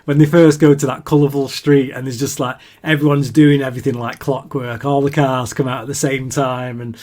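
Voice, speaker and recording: A man's voice: mid-range voice, flat delivery, a little fast, darkish tone. A man co-hosting a podcast, recapping a TV episode in casual chat, laughing often and restarting sentences. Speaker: podcast co-host.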